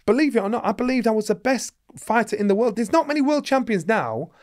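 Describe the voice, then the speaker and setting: A middle-aged man, a former boxer telling stories as a guest, acting out the voices of others and rising to shouts. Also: extremely high pitch, lively intonation, fast. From England. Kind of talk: animated storytelling.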